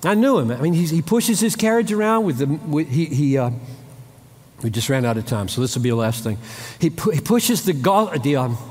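Man, pastor, sermon, lively swinging pitch, emphatic, repeats phrases, reverberant hall. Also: fairly quick, slightly rough. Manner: emphatic, repeats phrases and acts out short exchanges.

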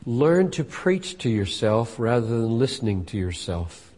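Older male pastor, sixties, earnest animated sermon, mellow tone, long hall reverb. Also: mid-range voice, measured pace. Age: 60s. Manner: earnest and animated, voice rising for quoted scripture.

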